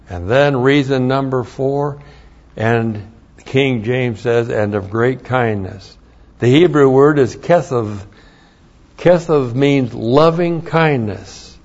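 A man preaching an expository Bible sermon, teaching slowly and deliberately with emphatic rises. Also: medium pitch. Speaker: pastor. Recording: dull lo-fi recording.

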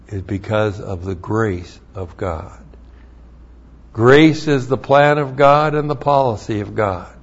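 A man preaching an expository Bible sermon, teaching slowly and deliberately with emphatic rises. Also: medium pitch. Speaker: pastor. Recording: dull lo-fi recording.

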